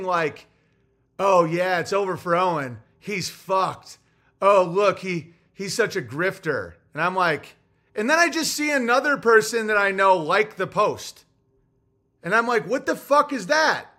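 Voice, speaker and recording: A man, a comedian, talking casually on his livestream, ranting with lots of swearing and swinging from loud bursts to low muttering. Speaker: comedian streamer.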